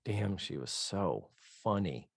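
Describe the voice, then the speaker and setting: A man co-hosting a podcast in casual chat, enthusiastic and animated, swearing freely. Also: low voice, slow, vocal fry, slightly rough, dry recording, studio quality. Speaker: podcast co-host.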